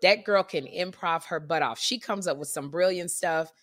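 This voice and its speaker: A woman co-hosting a casual chat, telling stories in an animated way and slipping into voices. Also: on the low side, normal speed. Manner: animated storyteller, mimics accents. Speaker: podcast co-host.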